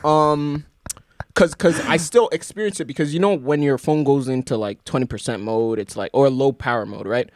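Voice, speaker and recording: A man's voice: mid-range voice, moderate pace, no room sound, clean studio sound. A young man, co-hosting a casual podcast chat in a loose, slangy way. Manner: laid-back, loose slangy talk. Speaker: podcast co-host.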